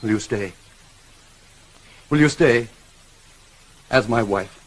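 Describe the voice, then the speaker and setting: An actor playing a brooding gentleman master of a manor in a 1950s television drama, commanding but turning soft and pleading. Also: medium pitch, slow, rough recording. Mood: earnest. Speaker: employer.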